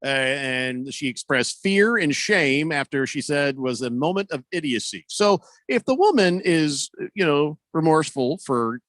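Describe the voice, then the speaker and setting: Lively, joking sports radio host, a man. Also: on the high side, measured pace, hardly any pauses, dry recording. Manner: rambling, joking, many fillers. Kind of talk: casual radio talk.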